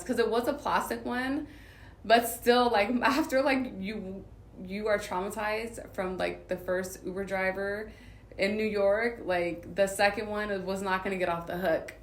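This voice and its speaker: A woman's voice: mid-range voice, fairly even intonation, a little slow, slight background noise. A woman from Southern California telling a personal story in casual, rambling talk, full of filler words. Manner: rambling, filler-heavy retelling. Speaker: vlogger. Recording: roomy echo.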